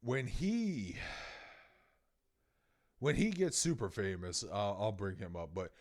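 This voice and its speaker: A man in his thirties from Louisiana, a podcast co-host telling an animated, profane story in casual chat. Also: lowish voice, slow pace.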